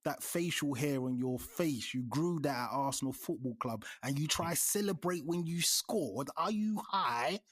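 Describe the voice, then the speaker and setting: A man's voice: mid-range voice, normal speed, hardly any pauses, breathy edge, no echo. Exasperated man ranting with slang. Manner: animated, exasperated, says bruv a lot. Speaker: podcast guest. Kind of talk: heated fan podcast rant.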